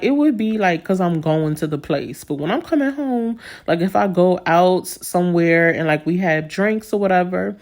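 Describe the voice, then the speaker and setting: A young woman from New York with a slight Southern twang, chatting casually and laughing often as she does nail art for her viewers. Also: lowish voice. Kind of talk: casual chat while doing nails.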